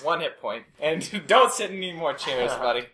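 A man's voice: on the high side, expressive, normal speed, pushed and bright. A man playing a tabletop game, joking and playful. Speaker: player. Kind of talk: casual tabletop game chat.

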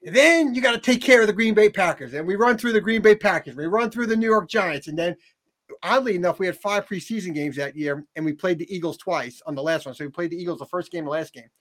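Fast and high-voiced, the middle-aged man recounts a story in a casual interview setting. He stays animated, acts out whoever he's quoting, and keeps starting over.

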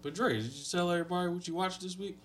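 A man's voice: sits high, racing, a bit bright, soft background music. A man in casual chat, teasing his friends.

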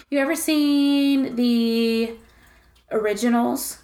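A woman's voice: on the high side, lively intonation, normal speed, fairly bright tone. A young woman co-hosting a podcast, telling stories animatedly in casual gossip chat and swearing freely. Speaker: podcast co-host.

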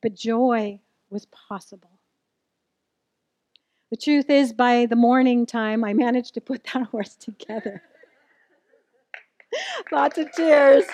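High-pitched woman giving a sermon, candid storytelling, dry close sound. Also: very animated, slow, long pauses, a little mellow, no echo. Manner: candid storytelling, asks the audience questions. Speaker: preacher. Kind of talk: sermon to a live church audience.

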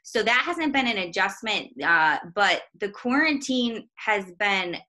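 A woman with a bright, clear voice chats about her faith and family. She talks in a relaxed, self-deprecating way and laughs often. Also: mid-range voice, unhurried. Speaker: guest, minister's wife and mother. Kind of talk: casual faith conversation.

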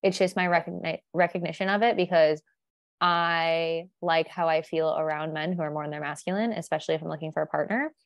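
A woman co-hosting a podcast in loose, candid chat, wandering from thought to thought and laughing as she goes. Her voice sits on the low side, recorded dry and close. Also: fairly even intonation, a little fast, dry recording. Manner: candid, rambling, laughs often. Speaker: podcast co-host. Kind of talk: casual chat.

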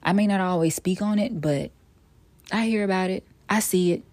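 A woman hosting her own podcast in a casual solo monologue, blunt and profane, swinging from weary sighs to sassy loud outbursts. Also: medium pitch, normal speed, dry recording. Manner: blunt, profane and emphatic, with sudden loud bursts. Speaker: podcast host.

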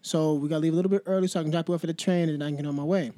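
Male podcast co-host, high pitched, laid-back storyteller, dry studio sound. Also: steady tone, very fast, warm tone, no room sound. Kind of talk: casual chat.

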